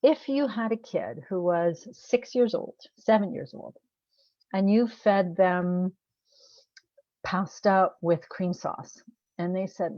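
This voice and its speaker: Woman coach, lowish voice, chatty to-camera vlog, asks listeners direct questions, dull dry sound. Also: unhurried, dry recording. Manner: conversational, asks rhetorical questions; laughs at herself. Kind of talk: casual to-camera talk.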